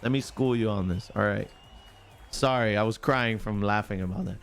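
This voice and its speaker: A man's voice: fairly low pitch, moderate pace, creaky, soft background music. A man hosting a live stream, casually chatting, joking and teasing viewers by name as he explains a picks game. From United States. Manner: joking, teases chatters, greets them by name.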